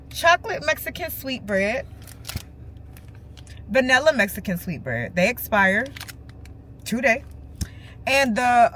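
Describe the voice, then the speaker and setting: Woman, casual storytime vlog, acts out other voices, bright tone, faint background noise. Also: fairly high pitch. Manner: animated, acts out other people's lines. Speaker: vlogger. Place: parked car.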